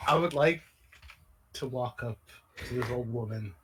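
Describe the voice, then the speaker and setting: A woman's voice: rumbling low, unhurried, noisy background. A woman playing a tabletop game, rambling in giggly asides. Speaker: player. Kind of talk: casual tabletop role-play.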